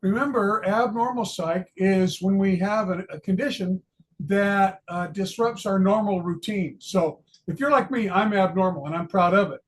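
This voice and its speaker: A man's voice: high-pitched, moderate pace. Chatty retired man teaching psychology. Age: older. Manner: chatty, self-deprecating, many fillers and restarts. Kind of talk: casual lecture video.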